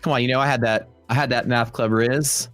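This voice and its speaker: A young adult man hosts a livestream in a loose, joking chat and acts out little stories with playful voices. His voice is mid-pitched and dry, close to the mic, with faint music behind him. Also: a little fast, no echo. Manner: joking, animated storytelling with quoted voices. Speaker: livestream host. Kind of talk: casual chat with live chat.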